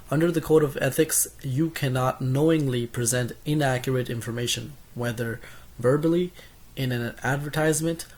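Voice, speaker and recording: A young man reading through course notes as a casual spoken summary, reading lists steadily with small self-corrections and asides. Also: medium pitch.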